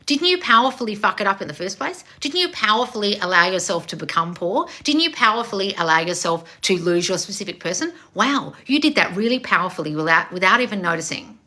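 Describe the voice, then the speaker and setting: A woman manifestation coach on a live stream, loud and passionate, blunt and confrontational, swearing freely and calling listeners darling. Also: medium pitch, big pitch swings, quick pace, hardly any pauses. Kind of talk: live-streamed coaching with read-out viewer questions.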